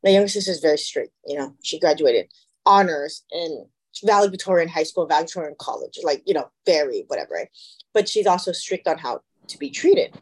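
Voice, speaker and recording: A woman's voice: deep voice, fairly quick, slightly rough. A woman co-hosting a podcast in casual chat, telling stories animatedly and acting out the people she quotes. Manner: animated storyteller, acts out quoted voices. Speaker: podcast co-host.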